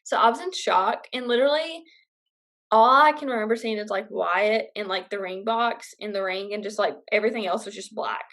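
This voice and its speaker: A young adult woman vlogger with a medium-pitched, slightly bright voice tells a personal story at a fairly quick pace. She's casual and chatty, with her speech full of fillers.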